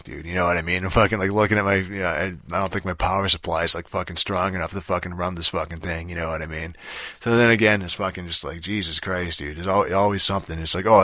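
Low, flat-voiced man ranting. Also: no echo. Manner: rambling, profane, many fillers. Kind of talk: casual rant.

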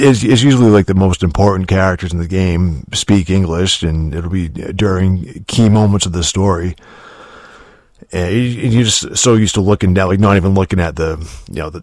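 A man's voice: low voice, darkish tone, dry recording, clean studio sound. A man giving a casual, rambling spoken review of a video game, full of swearing, fillers and restarts.

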